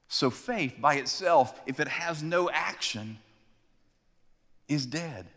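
A male pastor preaching a sermon in a church sanctuary, telling stories with dramatic slowdowns for emphasis. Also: mid-range voice, a bit bright, long reverb tail.

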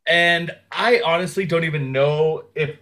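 A man with a somewhat high voice tells a personal story in easy, casual conversation. He talks frankly and swears freely. He acts out the lines of the people in his story. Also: unhurried. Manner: animated, acts out other people's words.

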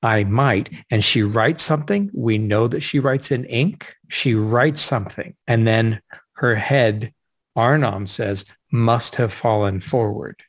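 Husky man discussing literature emphatically. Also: mid-range voice. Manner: emphatic, slows down to read quotations with weight. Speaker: guest author and speaker.

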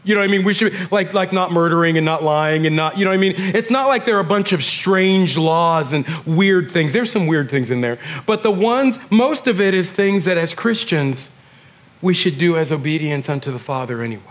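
Guy teaching the bible real casual, lots of "like", fairly high voice. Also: lively intonation, fairly quick. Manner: chatty, filler-heavy, addresses listeners as "you guys".

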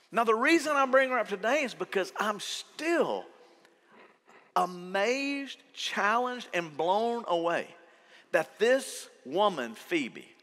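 Animated pastor preaching in a hall. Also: male voice, high-pitched. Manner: animated, mimics worried voices. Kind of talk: sermon. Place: church auditorium. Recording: long church hall reverb.

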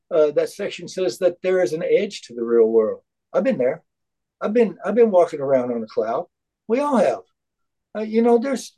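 A man sharing his views in a spiritual study group, emphatic and halting, with many restarts. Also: sits high, mellow, rough recording. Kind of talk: heartfelt group discussion.

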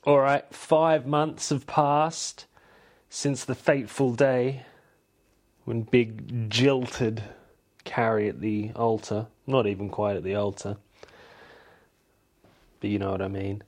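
A man's voice: medium pitch, a little slow, pauses often. A man hosting a podcast, recapping a film in a cheeky, irreverent, chatty way. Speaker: podcast host.

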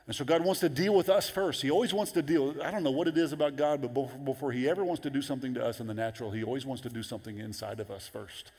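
A man preaching a sermon as pastor, animated and conversational, jumping into high excited voices when quoting. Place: large church auditorium. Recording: long hall reverb.

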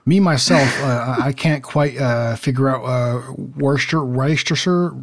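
A man's voice: medium pitch, steady tone, moderate pace, no room sound. Laid-back man co-host, dry sound. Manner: laid-back, says dude. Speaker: podcast co-host. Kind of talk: casual chat.

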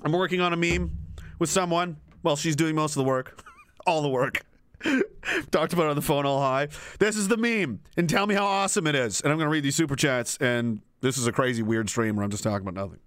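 A man's voice: fairly high pitch, brisk, a bit bright, dry recording. A man streaming live, rambling, giggling and swearing in a casual comedic rant.

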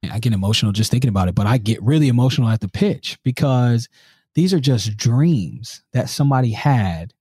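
A man's voice: medium pitch, fairly quick, slightly rough, dry recording, clean studio sound. A man speaking earnestly as a podcast guest, often checking in with "right?". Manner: earnest, animated, uses many rhetorical "right?". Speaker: interview guest. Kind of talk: podcast interview.

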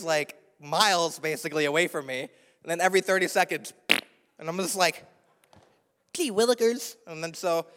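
High-voiced young man preaching in a reverberant hall. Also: clean tone. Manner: animated, chatty storytelling with frequent laughs. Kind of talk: sermon with personal story. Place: church sanctuary.

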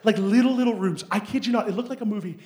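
A high-voiced man from Canada preaching with big energy and telling a story in an animated way. He laughs often and breaks into shouts. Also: very fast. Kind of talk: sermon storytelling.

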